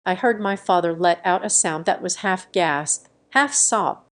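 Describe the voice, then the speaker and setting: A woman reading a first-person revenge story as scripted narration, in an even, measured way. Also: on the low side.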